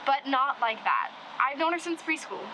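A woman's voice: sits high, lively intonation, moderate pace, noisy background. A girl playing a nervous earnest teen girl. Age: teens. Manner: hesitant, earnest. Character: shy nervous teen girl, about to start high school.

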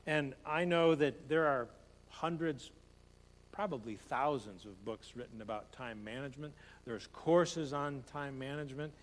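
A man's voice: mid-range voice, a little slow. A man preaching a conversational sermon as pastor, repeating phrases and speeding up as he tells stories. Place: church sanctuary. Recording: long hall reverb, faint hum.

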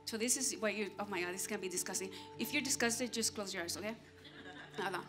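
A woman pastor giving an animated sermon, acting out everyday scenes and talking straight to the congregation. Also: mid-range voice, quick pace, over loud music. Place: church stage.

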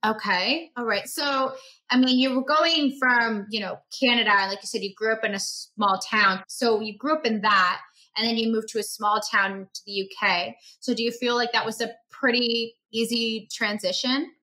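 A woman's voice: fairly high pitch, fairly even intonation, normal speed, bright, forceful tone, rough recording. A woman hosting a casual interview, chatty and affirming as she asks questions. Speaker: podcast host.

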